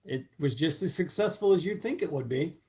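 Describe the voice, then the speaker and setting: A man's voice: fairly high pitch, lively intonation, brisk, a little mellow. A man co-hosting a casual movie review chat, joking and laughing often. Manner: jokey, laughs often, does silly voices. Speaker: podcast co-host. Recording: dull lo-fi audio.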